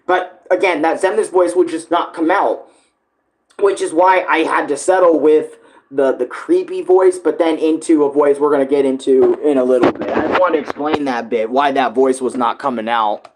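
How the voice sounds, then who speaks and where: A man's voice: a little high, fairly even intonation, moderate pace, darkish tone, slight background noise. A man chatting loosely about his own song cover, swearing and restarting sentences often. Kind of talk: casual rambling commentary.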